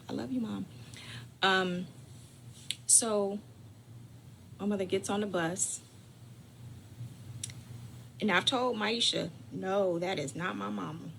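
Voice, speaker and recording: With a medium-pitched, bright, and forceful voice, the woman behind a caregiving channel recounts a family story to her audience. She plays up the drama in a lively, chatty way, talks straight to listeners, and now and then sinks to a whisper, while a soft hum lingers behind her.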